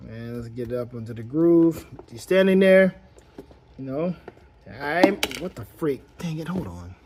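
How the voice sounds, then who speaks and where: Guy chatting loosely about action figures, playful, thinking out loud. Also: on the high side, very animated, a little slow. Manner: rambling and playful, thinks aloud while posing the figure. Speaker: toy collector reviewing action figures. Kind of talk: casual unboxing-style toy review.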